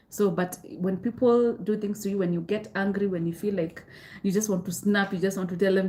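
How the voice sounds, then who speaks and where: A woman's voice: mid-range voice, fairly even intonation, fairly quick, mellow. Kenyan woman hosting a live advice stream. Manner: candid, repeats advice, mixes in Swahili phrases. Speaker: host of a live self-help session. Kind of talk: live stream chat answering comments.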